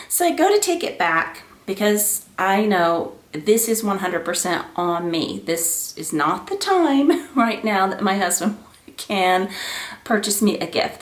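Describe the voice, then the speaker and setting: A woman vlogger telling a story to camera in a chatty, animated way, acting out the lines of people in it. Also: fairly low pitch, reverberant. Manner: chatty, animated, acts out quoted dialogue. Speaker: jewelry and luxury vlogger.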